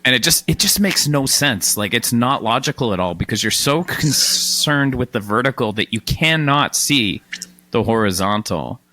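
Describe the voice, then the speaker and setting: A man hosting a podcast in casual chat, animated and quick with self-deprecating asides. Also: medium pitch, no echo. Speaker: podcast host.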